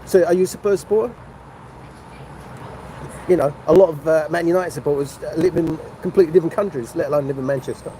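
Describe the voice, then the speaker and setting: A man's voice: fairly high pitch, fast talker, pauses often, dark tone, a little hiss or hum, rough recording. Older man rambling on a phone livestream. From North London. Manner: chatty, meandering, restarts mid-sentence. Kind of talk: rambling casual livestream chat. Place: motorway service station cafe.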